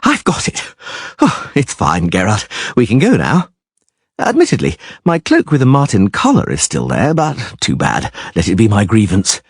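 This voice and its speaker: A man doing a flamboyant excitable troubadour. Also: fairly low pitch, normal speed, husky, no room sound, clean studio sound, exaggerated voice. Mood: exasperated. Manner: theatrical, excitable, boastful. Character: flamboyant vain young male troubadour.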